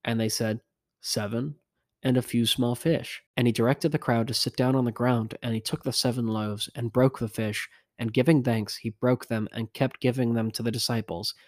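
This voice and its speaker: Man reading scripture in a flat voice. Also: medium pitch, no room sound, clean studio sound. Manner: measured, even, unhurried. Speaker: scripture reader.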